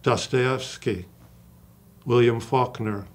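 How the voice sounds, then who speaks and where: An older man, an acting coach, talking in an interview with passion and slowing down to stress single words. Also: medium pitch. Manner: passionate, emphatic storyteller who acts out quoted dialogue. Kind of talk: interview conversation.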